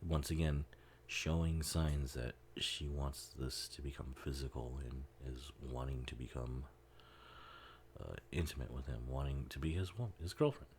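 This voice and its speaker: Super low voiced guy chatting thru a movie, rambly, laughs a lot, swears. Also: normal speed, darkish tone, a little hiss or hum. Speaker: movie commentary host. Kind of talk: casual film commentary.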